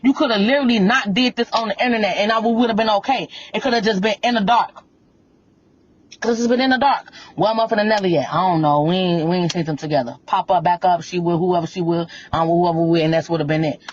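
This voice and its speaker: A woman's voice: mid-range voice, steady tone, fast talker, lo-fi sound, slight background noise. A woman venting on a livestream, blunt and confrontational, repeating her points again and again. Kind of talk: heated livestream rant.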